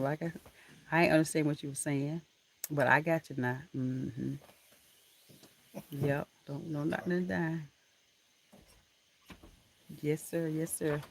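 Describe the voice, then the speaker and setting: A woman hosts a relaxed live stream from a room in her home, talking into her laptop's built-in mic. She chats warmly with her viewers, calling them honey and baby and laughing easily. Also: low voice, normal speed, long pauses, dry recording. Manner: chatty and affectionate, calls viewers honey and baby, laughs often. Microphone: laptop camera mic.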